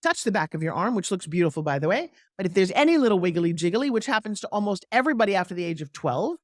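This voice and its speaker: A middle-aged woman talks in an animated, salesy way, coaching on pitching and acting out little quoted scenes. Her voice sits at an ordinary middle pitch and is recorded close and dry, with no room sound. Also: fast, no echo. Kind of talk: energetic interview talk with live product pitch.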